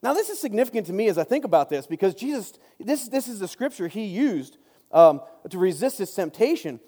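A man's voice: sits high, big pitch swings, fairly quick, mellow. A man giving a casual Bible study talk, chatty and joking, often breaking off into asides. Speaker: Bible teacher. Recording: long reverb.

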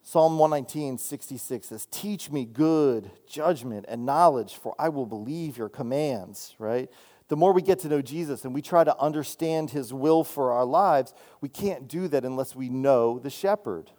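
A man's voice: medium pitch, normal speed, warm tone. A man preaching as a student minister, talking in a loose, conversational way and checking in with "right?" as he goes. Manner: conversational, repeats "right?" and restarts often. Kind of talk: sermon.

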